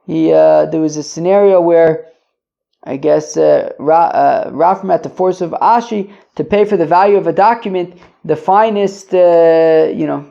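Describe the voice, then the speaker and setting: A Talmud teacher hosts a casual daily podcast lesson, reading Aramaic lines aloud and then explaining them in loose, rambling English, often stumbling and repeating words as he hunts for phrasing. His voice is fairly high, gravelly and warm, on dull lo-fi podcast audio.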